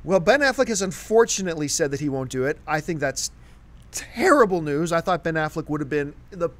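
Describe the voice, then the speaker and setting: Animated male movie-talk host. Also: on the high side, brisk. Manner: animated, steers the discussion. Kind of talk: casual movie chat.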